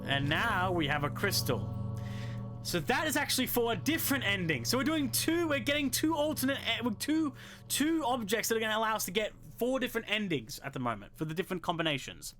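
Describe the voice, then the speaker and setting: Man, game walkthrough host, high bright voice, casual thinking-aloud commentary with jokes. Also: sing-song, fairly quick, soft background music. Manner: chatty, thinks aloud, jokey asides.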